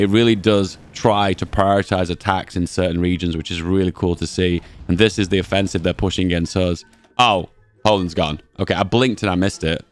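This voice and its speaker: A man giving casual, chatty commentary while playing a strategy game, thinking aloud and reacting excitedly to how it goes. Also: low-pitched. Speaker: gaming channel host.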